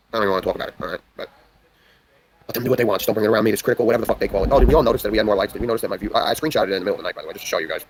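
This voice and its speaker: A young man from the New York area hosts a livestream, spinning a long, rambling story with intensity and plenty of swearing. His voice is on the low side and slightly rough, captured in a low-quality recording.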